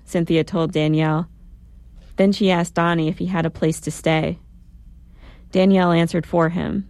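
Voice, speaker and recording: A woman calmly narrating a first-person story with a reflective tone. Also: fairly low pitch, moderate pace, pauses often, no echo. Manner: calm, reflective.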